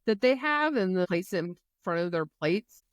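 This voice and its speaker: A woman's voice: lowish voice, normal speed, clear, resonant tone, no echo. A woman co-hosting a podcast, retelling a book's plot in casual chat and acting out the characters' lines. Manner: animated retelling with voiced quotes. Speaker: podcast co-host.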